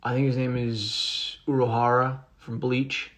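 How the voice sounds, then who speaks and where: A man's voice: mid-range voice, flat delivery, measured pace, a bit bright. A male actor casually reading out fan questions during a livestream and answering with fillers and restarts. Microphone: phone.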